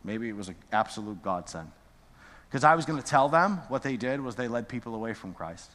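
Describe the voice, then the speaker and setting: A man preaching a storytelling sermon, swinging from quiet asides to near-shouting. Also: mid-range voice, animated, fairly quick. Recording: echoey large hall.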